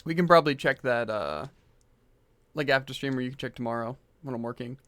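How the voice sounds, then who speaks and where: A man's voice: mid-range voice, fairly quick, fairly bright tone, no room sound. A man streaming a game who is losing his voice, chatting casually and rambling with lots of fillers into a desk microphone at home. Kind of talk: casual gaming chat. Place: hot room at home.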